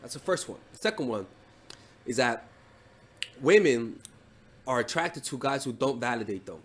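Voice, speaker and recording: A man's voice: mid-range voice, lively intonation, moderate pace, breathy edge. A man giving dating advice as a coach in a casual monologue, blunt and profane, with frequent restarts and "right?" tags.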